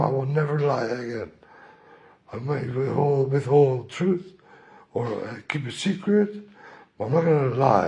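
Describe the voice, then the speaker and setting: A man's voice: medium pitch, dark tone. A man speaking a rambling spiritual monologue to the camera, repeating himself and questioning himself aloud. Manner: rambling, repetitive, self-questioning.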